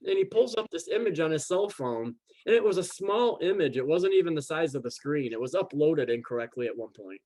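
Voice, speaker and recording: Male guest, fairly high pitch, animated storyteller who voices the other people in his story and stumbles over restarts. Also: brisk, few pauses. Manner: animated, acts out quoted dialogue; repeats words and restarts often. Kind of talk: casual storytelling chat.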